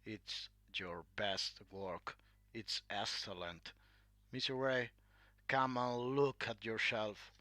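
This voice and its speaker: A man voicing a witty, smug aristocrat who speaks smoothly and with amusement in a read-aloud story. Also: on the low side, takes it slowly, bright, forceful tone, no echo. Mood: amused.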